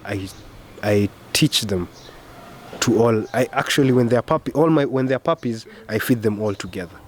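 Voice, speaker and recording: A man's voice: medium pitch, normal speed. A man, a dog owner, talking casually in an interview, plain and matter-of-fact, repeating himself for emphasis. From Kenya.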